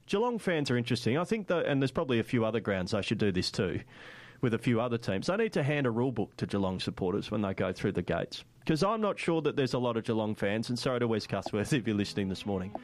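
A man's voice: medium pitch, very animated, fast talker, no echo. A man with an Australian accent hosting breakfast sports radio, chatty and opinionated, with frequent fillers. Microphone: studio microphone.

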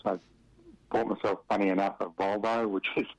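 A man's voice: lowish voice, flat delivery, brisk, no echo. A middle-aged Australian man from Western Australia, telling stories about his football career in a rambling interview, with lots of fillers and chuckles. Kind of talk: relaxed storytelling in an interview. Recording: dry, dull lo-fi radio audio.

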